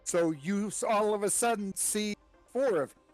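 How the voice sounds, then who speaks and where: A man describing his halfling character at a tabletop game, halting with many fillers. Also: sits high, dry recording, faint music behind. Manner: halting, full of "um"s. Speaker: player.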